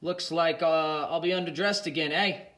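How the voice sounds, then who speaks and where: A man voicing a boozy, cheeky male drinking buddy who jokes around loudly, in an audiobook reading. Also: on the high side, normal speed, natural voice. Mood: boisterous. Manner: jokey, slangy, loud and boisterous.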